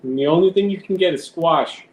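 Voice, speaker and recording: A man's voice: on the high side, a little fast. A rambling man chatting from his kitchen. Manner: rambling, swears, talks to his cat. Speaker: live streamer. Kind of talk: casual stream chat. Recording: roomy with faint background noise.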